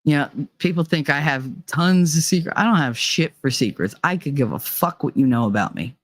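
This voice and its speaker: A woman's voice: low voice, lively intonation, a little fast, no room sound. Woman host, casual and blunt, swears freely, laughs often; dry, close recording. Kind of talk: casual chat.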